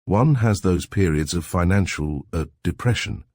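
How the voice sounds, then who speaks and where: A man voicing a mild-mannered, sly investigator who murmurs and gently mocks. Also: low voice, normal speed, no echo. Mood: mock-sincere. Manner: soft, murmuring, gently mocking. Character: mild, sly, dryly ironic male investigator.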